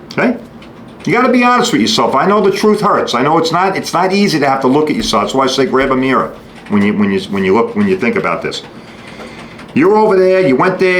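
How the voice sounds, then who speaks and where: A man hosting a podcast, giving a blunt, sarcastic monologue and acting out customers and shop staff in quick quoted bits. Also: medium pitch, fairly bright tone. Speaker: podcast host. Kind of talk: opinionated monologue. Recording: echoey room with faint noise.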